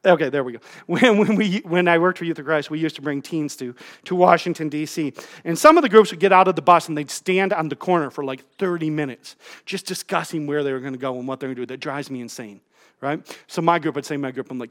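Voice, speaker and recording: A middle-aged man, a pastor, giving a conversational sermon in a church, joking about himself in animated asides. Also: fairly high pitch, fast. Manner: humorous, self-deprecating, animated asides. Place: church sanctuary.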